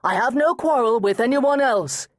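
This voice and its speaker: A woman narrator plays a calm young male hero in an audiobook. He proclaims in a raised, slow, measured voice. The tone is husky and close, with no room sound. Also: low voice, no echo. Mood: commanding.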